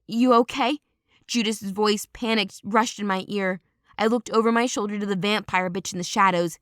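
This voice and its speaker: Woman narrating with a smooth, clear voice. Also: medium pitch, normal speed, dry recording, clean studio sound. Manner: steady dramatic storytelling. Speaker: audiobook narrator. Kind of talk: first-person audiobook narration.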